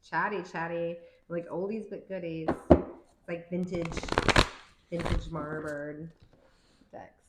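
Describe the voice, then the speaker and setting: A woman giving a casual tarot reading, rambling and chatty, full of fillers and quick to laugh. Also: fairly low pitch, fairly even intonation, roomy sound, very noisy. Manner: playful, laughs easily. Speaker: tarot card reader.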